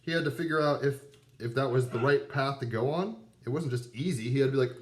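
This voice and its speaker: A man's voice: medium pitch, fast. A man in his thirties giving a rambling, casual tarot pep talk full of fillers and asides. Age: 30s. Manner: rambling, conversational, many fillers. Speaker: tarot reader. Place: abroad with dogs nearby.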